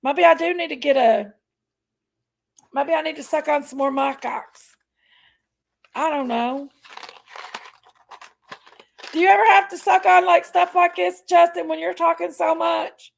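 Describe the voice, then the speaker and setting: A woman hosting a casual live chat, loud and laughing often, her voice hoarse from allergies. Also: very high-pitched, measured pace, long pauses. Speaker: livestream host.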